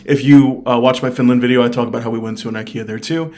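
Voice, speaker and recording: A man's voice: mid-range voice, fairly even intonation, quick pace, a little mellow. A young man from the United States chatting casually in a travel vlog, candid and upbeat, full of fillers. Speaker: travel vlogger.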